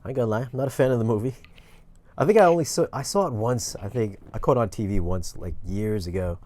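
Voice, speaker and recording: A man's voice: fairly low pitch, animated, fast, a little mellow. A man co-hosting a podcast in casual chat, laid-back, rambling and blunt. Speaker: podcast co-host.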